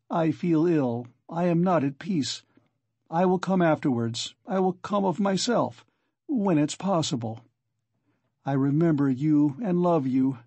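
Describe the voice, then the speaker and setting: A man's voice: a little high, mellow, dry recording, voice pushed up. A man voicing a feverish, withdrawn young man who speaks in a strained, pleading way.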